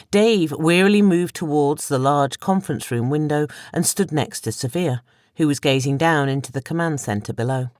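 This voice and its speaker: A woman reading an audiobook in a measured, even storytelling voice. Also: low-pitched, no room sound, clean studio sound. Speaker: audiobook narrator. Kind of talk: scripted narration.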